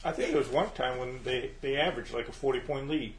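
A middle-aged man reminisces in a casual family podcast, telling his stories at an unhurried pace. His mid-pitched voice rings with a noticeable room echo. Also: a little hiss or hum. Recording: echoey room.

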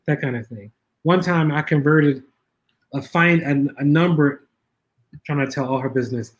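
A man with a notably high voice, chatting as an interview guest. He tells his stories casually and animatedly, laughs often, restarts his sentences, and slips into other people's voices when he quotes them. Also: normal speed. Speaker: guest filmmaker.

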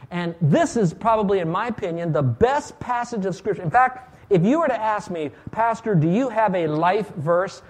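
A man with a high voice preaches a sermon in a church. He talks with emphatic force, rising into loud bursts and then dropping to quiet asides as he walks listeners through a passage. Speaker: pastor.

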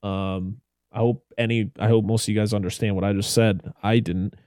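A man co-hosts a film podcast, chatting casually about movies, retelling scenes and laughing often. His voice is low-ish, steady and darkish at a moderate pace, recorded with studio quality and no echo.

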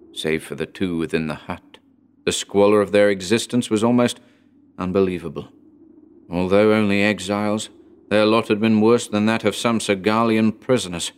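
A man with a fairly low voice reads a horror story aloud as a podcast host. His delivery is measured and deliberate, the scripted narration paced with care. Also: clear, resonant tone.

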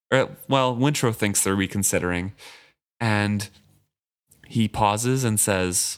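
A man co-hosting a casual book podcast, reading passages aloud and paraphrasing them in a relaxed way. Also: lowish voice, slow pace, pauses often. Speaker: podcast co-host.

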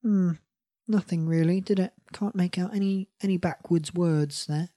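A man hosting a playful party game, laughing often as he runs each round. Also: dry recording. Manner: slow, lively pitch, laughs often. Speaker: game host. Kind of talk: playful game-show chat.

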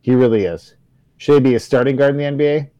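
A man's voice: medium pitch, quick pace, dark tone, no echo, lo-fi sound. A man with a mid-range voice co-hosting a sports podcast, rambling and stumbling over his words as he goes. He is recorded dry and close, with no room sound. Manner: rambling, stammers and restarts. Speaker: podcast co-host. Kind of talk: casual sports chat.

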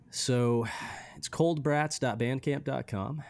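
A man co-hosting a casual music podcast, rambling with many restarts and trailing off quietly. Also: mid-range voice, slow pace, creaky. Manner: rambling, restarts often, drops quiet at ends of thoughts. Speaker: podcast co-host reviewing music. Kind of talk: casual chat.

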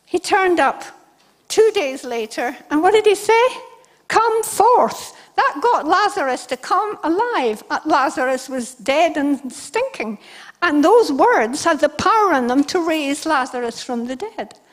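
A woman's voice: sits high, expressive, a little slow. A woman preacher giving a sermon to a congregation, telling scripture stories and acting out the quoted speech. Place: church service before a congregation.

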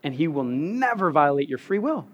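A man preaches from the pulpit, his voice sitting a little high for a man. He tells stories in an animated way, doubling back over his words and laughing at himself. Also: moderate pace, muffled recording. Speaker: pastor. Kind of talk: sermon.

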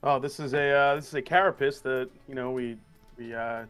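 A man's voice: mid-range voice, fairly even intonation, brisk, fairly bright tone, clear, resonant tone. A man playing a character in a tabletop game, rambling in a casual way with mild swearing. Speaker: player. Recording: music playing faintly behind.

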